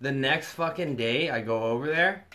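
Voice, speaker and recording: A young man telling a long, profane story in casual chat, animated and quoting others. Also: medium pitch, normal speed.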